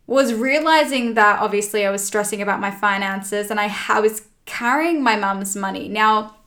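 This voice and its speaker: A woman's voice: on the high side, sharp tone. A woman hosting a casual chat, telling a personal story candidly, with emphatic swearing. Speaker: podcast host.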